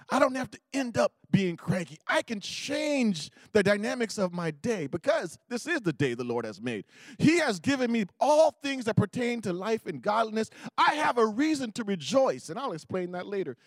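A man preaching a sermon, telling a Bible story with lively acted-out voices. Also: high voice, no room sound, studio quality. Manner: animated storytelling, acting out voices.

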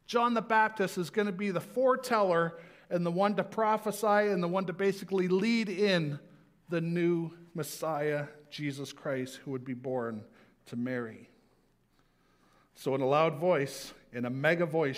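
A man with a slightly high voice preaches a sermon in a conversational, animated manner, slowing down to emphasize key words.

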